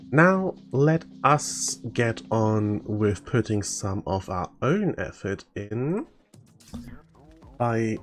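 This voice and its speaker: A man chatting casually as a streamer while playing a modded game, wry and talkative. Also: medium pitch. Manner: wry, chatty, mildly indignant asides. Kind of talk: casual live-stream chat over gameplay.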